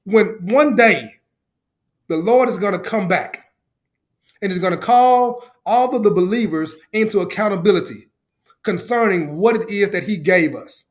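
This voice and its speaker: High-voiced animated man preaching. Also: unhurried. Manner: animated storyteller, acts out quotes. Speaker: podcast guest, ministry founder. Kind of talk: enthusiastic testimony.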